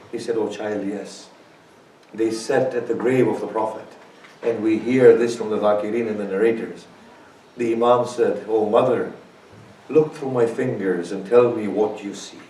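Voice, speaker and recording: A man's voice: on the low side, a little mellow, a little hiss or hum. A man preaching a mourning sermon, narrating in a lamenting voice that swells into impassioned cries. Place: large hall at a religious center. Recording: echoey hall, voice from a distance.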